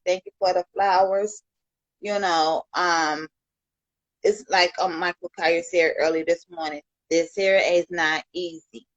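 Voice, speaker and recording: A woman's voice: lowish voice, no room sound, lo-fi sound. A woman from Chicago on a livestream, talking with heartfelt, rambling thanks to her viewers and peppering her talk with "you know". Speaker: livestream host.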